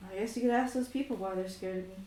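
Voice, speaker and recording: A woman playing a big, gentle, soft-spoken male axe-wielder in tabletop role-play, mild and quick to laugh. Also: mid-range voice, slight background noise, lightly acted. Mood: playful. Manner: mild, laughing, teasing back. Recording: roomy echo.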